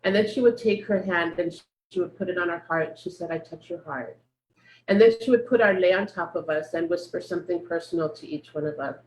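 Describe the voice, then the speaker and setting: A woman telling a heartfelt story at a memorial gathering, in a gentle voice over a video call. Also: fairly low pitch, quick pace, slight background noise. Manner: gentle, growing softer and quieter. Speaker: memorial speaker. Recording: roomy echo.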